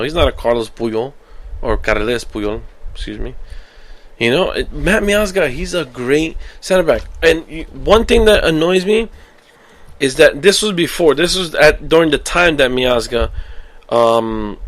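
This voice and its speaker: A man hosting a casual solo soccer podcast, rambling and animated, flaring into heated outbursts. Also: a little high, moderate pace. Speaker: podcast host.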